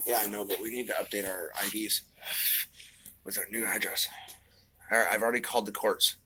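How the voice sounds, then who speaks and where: A man's voice: on the low side, steady tone, fairly quick, pushed and bright, slight background noise, poor audio. A man chatting casually on a livestream from his apartment, rambling with lots of "you know". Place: apartment indoors.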